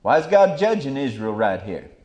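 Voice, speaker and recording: Very animated and at a moderate pace, a middle-aged preacher delivers a fiery Bible sermon, dropping to murmurs before exploding into loud exclamations. The recording has its highs cut off.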